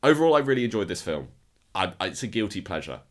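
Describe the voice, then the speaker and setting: A man's voice: low voice, sing-song, fast. A man casually ranking films in a review video, enthusiastic and often repeating words as he restarts his sentences. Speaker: film reviewer.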